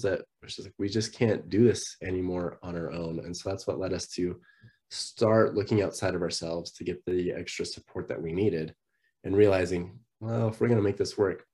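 A man's voice: deep voice, steady tone, a little fast, mellow. A man candidly telling the story of his marriage, acting out remembered conversations. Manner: earnest, candid, acts out remembered dialogue. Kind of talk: personal storytelling on a podcast.

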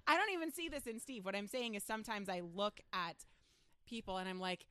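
A young woman co-hosting a casual podcast chat, animated and blunt, swearing freely. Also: fairly quick. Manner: animated, swearing, laughing, jumps between high and low tones. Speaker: podcast co-host.

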